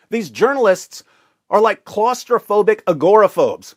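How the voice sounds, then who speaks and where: A man's voice: sits high, moderate pace, no echo, studio quality. A man delivering sarcastic, mocking video commentary, full of rhetorical questions.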